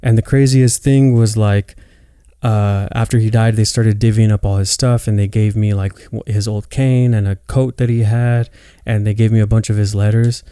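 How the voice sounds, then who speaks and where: A man's voice: on the low side, steady tone, normal speed, warm tone, smooth, no echo, studio quality. A man in his late twenties, co-hosting a podcast, telling family stories loosely and swearing freely. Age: 20s. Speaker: podcast co-host. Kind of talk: casual chat.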